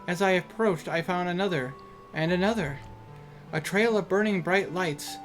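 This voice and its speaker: A man voicing a calm, curious young man as the narrator of a visual novel, reading in a measured way. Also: high-pitched, faint music behind, natural voice.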